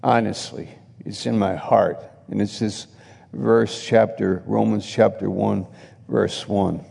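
A slow-talking preacher man with a gravelly, mellow voice tells stories from the pulpit, laughing and acting out quotes as he goes. His voice carries a long echo, as if he is in a big church hall. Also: lowish voice, steady tone. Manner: chatty anecdotal preaching with laughs and acted quotes. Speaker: pastor. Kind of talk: sermon storytelling.

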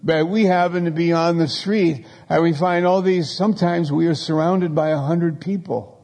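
A man's voice: fairly high pitch, fairly even intonation, moderate pace, a little mellow, long reverb tail. A man preaching a sermon, telling stories in a conversational way and acting out the people in them. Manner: storytelling, conversational preaching with acted quotes. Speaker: pastor.

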